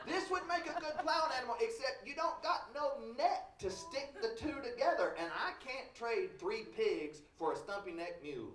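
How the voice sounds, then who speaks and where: Man as a shrewd horse-trader type, dry drawl; high voice, mic far off. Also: expressive, normal speed, hardly any pauses, fairly bright tone. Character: shrewd old country trader, bible-reading man. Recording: roomy hall, distant mic.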